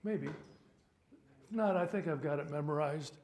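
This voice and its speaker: A man in his seventies, a priest, giving a loose, joking workshop talk and pausing to sort out practical matters. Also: fairly high pitch, a little mellow. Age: 70s. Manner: chatty, joking, stops to sort out sound. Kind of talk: informal teaching talk.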